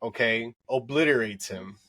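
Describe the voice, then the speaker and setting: A man hosting a casual late-night podcast, telling an animated story with lots of swearing and laughter. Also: mid-range voice, moderate pace. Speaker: podcast host.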